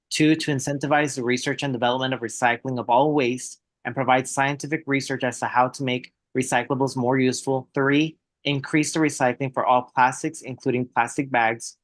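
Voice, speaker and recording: A man reads a resolution aloud to a committee in a measured way. His delivery stays very flat, with little rise or fall, and the sound is dry. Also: medium pitch, no room sound. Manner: measured, even reading. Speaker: committee member.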